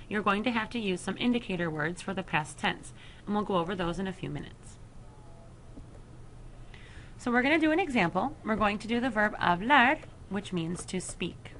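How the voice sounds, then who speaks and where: A woman teacher explaining a Spanish grammar lesson to her students, slowing down to spell out each verb form. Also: medium pitch, fairly bright tone, a little hiss or hum. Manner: slow, careful explanation with deliberate pauses over verb forms. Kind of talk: recorded flipped-classroom lesson.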